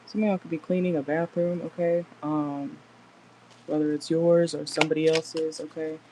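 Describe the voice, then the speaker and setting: A woman's voice: low voice, flat delivery, moderate pace, mellow, slight background noise, rough recording. A woman doing a casual tarot reading in a car, chatty and blunt, swearing freely as she talks to viewers. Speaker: tarot reader.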